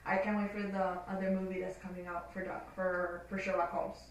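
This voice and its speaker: A woman's voice: on the low side, flat delivery, a little fast, a little hiss or hum. A woman guest in a casual panel chat, talkative and laughing often. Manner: chatty, laughs often, trails off and restarts. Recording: roomy echo, distant mic.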